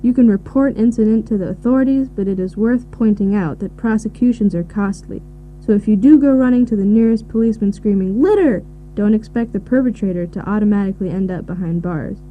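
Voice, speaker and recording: Woman on tinny lo-fi audio. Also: medium pitch. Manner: measured, informative. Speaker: expert answering questions. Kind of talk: scripted listening recording. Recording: tinny phone-like audio with faint hiss.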